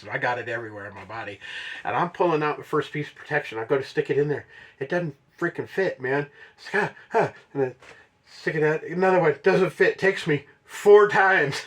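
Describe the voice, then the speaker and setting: An older man telling a personal story in a casual, rambling way, animated and laughing often. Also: fairly high pitch.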